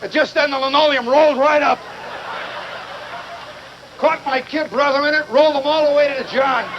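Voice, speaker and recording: Man from Indiana, live humorous monologue, high voice, mock-indignant wit, muffled 70s tape with light hiss. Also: fairly even intonation, normal speed. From Indiana, USA. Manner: wry, digressive, mock-indignant. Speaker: storyteller performing for a live audience. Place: live venue with an audience. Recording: muffled 1970s live recording.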